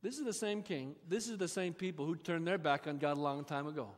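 A man's voice: a little high, fairly quick. A male pastor preaching a sermon in a church, talking in a conversational, folksy way with asides to the congregation. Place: church sanctuary. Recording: long reverb of a church hall.

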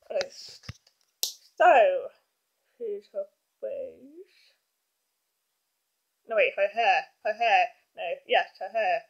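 A teenage girl rambles through a doll review in her bedroom, hyper and giggly, holding a handheld camera in one hand. It's a casual vlog, and her mid-range voice moves at a slow pace with frequent pauses.

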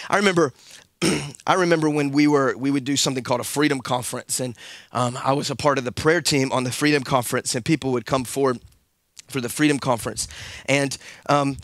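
A man in his thirties preaching a sermon, swinging between sung, rising calls and a soft storytelling voice. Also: medium pitch, brisk, no room sound, clean studio sound. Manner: drops to a soft conversational storytelling voice. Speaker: pastor.

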